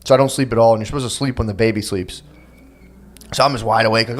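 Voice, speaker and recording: A man's voice: mid-range voice, steady tone, fast talker. Man rambling through a casual podcast story. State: new father. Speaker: podcast co-host. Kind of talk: casual chat.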